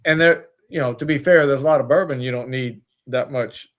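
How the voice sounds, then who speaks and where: A man's voice: medium pitch, a little fast, a bit bright. A man, the owner of a distillery, talking as a guest in a casual interview, rambling with many fillers and restarts.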